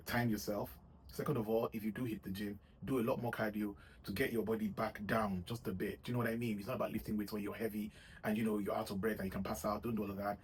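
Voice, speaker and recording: Speaking to camera in a fairly low, somewhat mellow voice, a man gives his viewers casual, rambling motivational gym advice, frequently saying "you know what I mean." The recording is low-quality with slight background noise.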